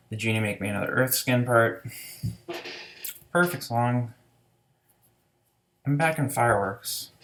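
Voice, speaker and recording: A man's voice: mid-range voice, fairly bright tone. A man giving a casual, rambling album review, enthusiastic and full of fillers and restarts. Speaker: music reviewer.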